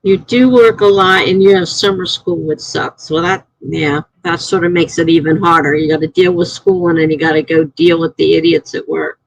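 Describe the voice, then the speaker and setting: A middle-aged woman hosting a live stream, chatting casually and rambling through stories, getting animated when she is indignant. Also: low voice, normal speed, gravelly, few pauses, no room sound, rough recording. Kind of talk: casual live-stream chat reading comments.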